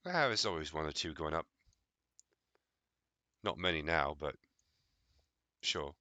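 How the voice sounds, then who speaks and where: A man's voice: rumbling low, animated, unhurried, crowd noise. A man voicing a weary, crude male sailor who talks bluntly and swears. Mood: gruff. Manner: blunt, profane.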